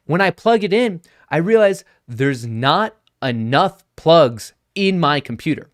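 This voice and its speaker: A young man hosting a livestream, telling a story in an animated, exasperated way. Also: medium pitch, moderate pace, few pauses, smooth, no echo, studio quality. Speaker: livestream host. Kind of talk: casual storytelling to viewers.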